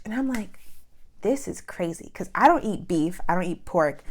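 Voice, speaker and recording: A young woman from New York telling a personal story in a casual vlog, animated and full of "like" fillers as she acts out what people said. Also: medium pitch, moderate pace. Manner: animated, with many "like" fillers and acted-out quotes. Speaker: vlogger.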